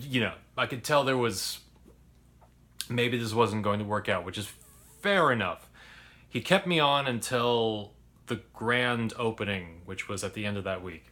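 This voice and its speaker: Bright-toned man telling a story. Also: fairly low pitch. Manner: candid, rambling, swears freely. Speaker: podcast host. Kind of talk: casual personal storytelling.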